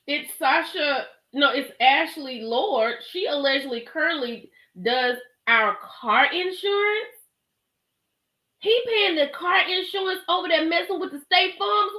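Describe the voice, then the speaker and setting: Animated high-voiced woman live-streaming. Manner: animated, talks straight to chat, laughs and exclaims. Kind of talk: casual live-stream commentary. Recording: echoey room.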